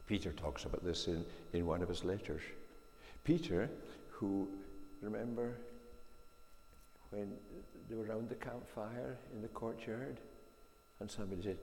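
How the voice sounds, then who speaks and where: Low gravelly guy preaching, earnest, lots of questions, big echoey church sound. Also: warm tone. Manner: earnest, measured, rhetorical questions. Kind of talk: sermon. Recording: echoey church hall reverb, faint hum.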